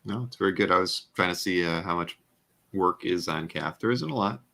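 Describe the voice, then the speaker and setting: A man hosting a casual chat over a video call, relaxed and thinking aloud. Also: low-pitched, fairly quick, gravelly. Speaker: host.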